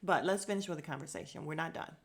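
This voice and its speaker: A woman hosting a podcast, recapping a reality show in casual chat, sassy and animated as she acts out what the cast said. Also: deep voice, fast talker, vocal fry.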